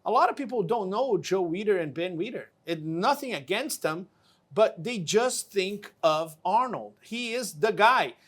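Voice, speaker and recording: A man hosting a casual interview show, talking with enthusiasm and repeating words for emphasis. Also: high-pitched. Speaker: show host.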